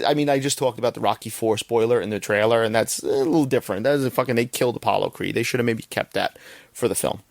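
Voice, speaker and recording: A man's voice: mid-range voice, creaky, no room sound. A young man hosting a podcast, giving a rambling, profane casual movie review and often checking in with "right?". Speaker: podcast host.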